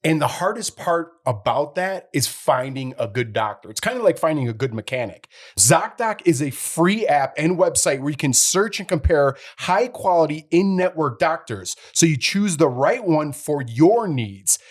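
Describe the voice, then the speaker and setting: A man co-hosting a casual podcast, reading an ad and telling relaxed family stories. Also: a little high, moderate pace, few pauses. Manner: relaxed, chatty storytelling. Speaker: podcast co-host. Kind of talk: casual chat and read ad.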